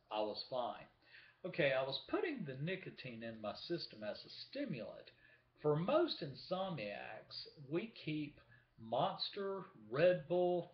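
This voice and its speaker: A man talking casually to the camera in a vlog, chatty, showing things to the viewer. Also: on the high side. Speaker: vlogger. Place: room at home with window open. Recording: echoey room, dull lo-fi sound.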